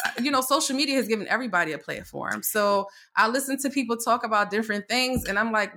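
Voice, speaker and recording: A woman co-hosting a casual talk show, telling a story candidly, swearing freely and acting out what people said, often laughing. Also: fast talker. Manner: laughs often, pitch jumps up when excited. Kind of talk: casual chat.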